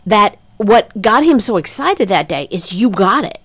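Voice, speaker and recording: A woman psychic medium giving a reading in conversation, talking in an animated way and breaking into excited quoted voices, with many fillers and apologies. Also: medium pitch, a little slow, husky, no room sound. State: says she has a headache.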